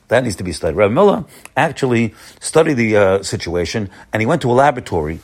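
A man acting as a rabbi gives a casual Torah lesson. He repeats words frequently, his voice climbing for emphasis before falling low.

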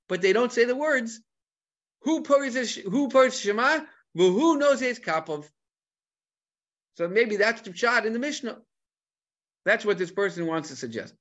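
A man giving an animated Talmud lecture, mixing Hebrew terms into English and asking rhetorical questions. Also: high-pitched, highs cut off. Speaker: Torah teacher.

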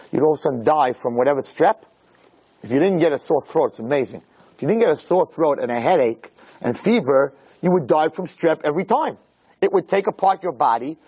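A man giving an animated Torah lecture as a rabbi. He repeats key phrases, asks rhetorical questions, and swings from low murmurs to near shouts. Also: slightly rough. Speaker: rabbi teaching a Torah class.

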